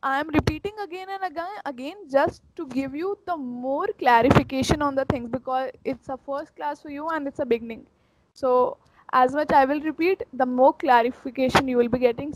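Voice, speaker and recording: High-voiced woman teaching German. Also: background noise. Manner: repeats phrases slowly for pronunciation drills. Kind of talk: demo language lesson.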